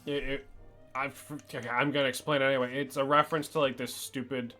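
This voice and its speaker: This is a man in a casual let's play, trading dry, crude jokes. His voice is bright and forceful at a mid pitch. Faint music runs behind him. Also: flat delivery, fast talker. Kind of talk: casual gaming banter.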